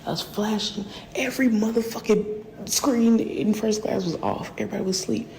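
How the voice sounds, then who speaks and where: A woman's voice: mid-range voice, steady tone, normal speed, creaky, warm tone, a little hiss or hum, rough recording. A woman rapper in a profane, rambling livestream rant that often sinks to a whisper.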